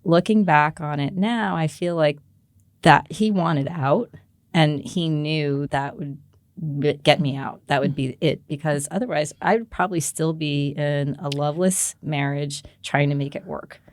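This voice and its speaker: Woman in her forties, low voice, dry close mic, animated storyteller voicing others' lines. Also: a little slow, no echo. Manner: animated, acts out quoted dialogue with laughs. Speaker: podcast guest. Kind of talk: candid personal storytelling.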